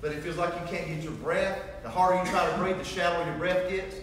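A man giving a sermon testimony, telling his story in an animated way and acting out the dialogue. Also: sits high, fast talker, slight background noise. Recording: echoey hall, mic far off.

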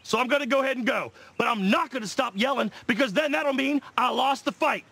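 An actor playing a brash, hot-tempered man who yells, swears and blusters. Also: very high voice, a little fast, vocal fry, breathy edge, no room sound, full character voice. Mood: shouting apology. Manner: profane, shouting, blustering.

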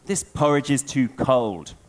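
Goldilocks, a fussy little girl from a storybook, speaks in a high, sing-song tone, as a man puts her on. She complains about everything around her, and the reading swings up and down. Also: lively intonation, a little slow, natural voice. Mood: picky.

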